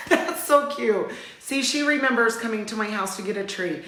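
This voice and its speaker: A middle-aged woman from Utah hosting a casual livestream, chatting in a warm, rambling way and getting teary. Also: a little high, measured pace, echoey room. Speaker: livestream host.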